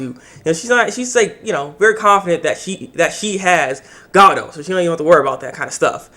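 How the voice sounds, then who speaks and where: Lively young man reviewing anime. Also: on the high side. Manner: animated, acts out the characters' lines in quick voices. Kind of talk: casual anime episode review.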